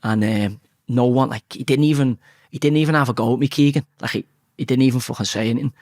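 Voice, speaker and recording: A man with a thick Liverpool Scouse accent tells his stories in a casual interview, blunt and full of swearing. His mid-range voice has a gravelly, crackly edge. The sound is dry and close, with no room echo. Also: medium pitch, fast talker. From Liverpool, England. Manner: blunt, swears freely, animated storyteller. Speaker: interview guest.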